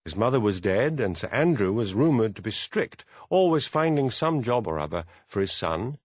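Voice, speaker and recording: A man narrating a mystery audiobook in a measured storytelling manner. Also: fairly low pitch, very animated, no room sound, dull audio. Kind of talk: scripted narration.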